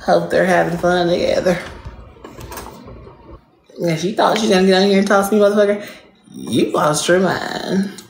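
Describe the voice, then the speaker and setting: A woman's voice: lowish voice, steady tone, a little fast, vocal fry, pauses often, darkish tone. Playful, profane woman hosting a livestream. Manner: playful, profane, talks straight to the chat. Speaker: livestream host. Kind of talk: casual livestream chat. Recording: echoey room, faint noise.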